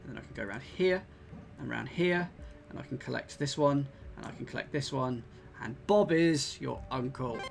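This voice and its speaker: A man's voice: medium pitch, moderate pace, vocal fry, few pauses. A man hosting a casual let's-play, talking himself through each puzzle move in a muttering way. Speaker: game host. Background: background game music.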